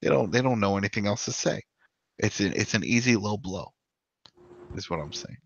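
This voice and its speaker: A man co-hosting a podcast in casual discussion, rambling and animated, with frequent "you know". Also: on the low side, normal speed, vocal fry. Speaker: podcast co-host. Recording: dull lo-fi dry sound.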